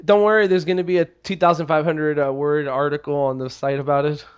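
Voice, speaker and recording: Young man, high voice, smooth, podcast co-host, joking, teasing. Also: flat delivery, brisk, muffled recording. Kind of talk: casual podcast chat.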